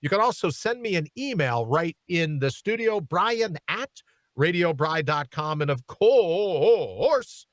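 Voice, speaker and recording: A man hosts a radio talk show from a studio, ranting with a sarcastic edge. His voice sits high and swings widely in pitch. The studio sound is dry and close. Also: expressive, unhurried, fairly bright tone, no echo. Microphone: studio microphone.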